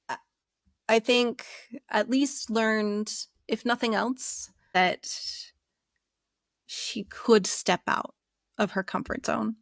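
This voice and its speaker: Animated woman telling a classroom story. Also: a little high, drawn-out words, gravelly, long pauses, dry recording, clean studio sound. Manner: animated, acts out dialogue in her story. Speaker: middle school teacher. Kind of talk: storytelling in an interview.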